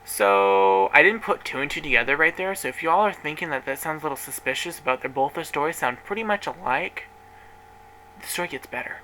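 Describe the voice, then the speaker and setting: Young guy spilling the tea on his friends, super bright tense voice, dramatic and swears a lot, faint hiss behind. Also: on the high side, animated, brisk, poor audio. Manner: chatty, dramatic, swears freely. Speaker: vlogger. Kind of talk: casual storytelling to camera.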